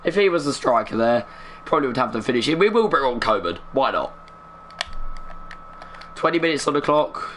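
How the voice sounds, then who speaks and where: A young man talks through a football video game match as he plays, keeping his voice low on purpose. His voice sits at an ordinary middle pitch, and he chats and mutters along between sudden bursts of excitement. A faint hum runs under the recording. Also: moderate pace, long pauses. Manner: chatty, muttering, bursts of excitement at big moments. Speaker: gaming streamer. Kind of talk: live gameplay commentary.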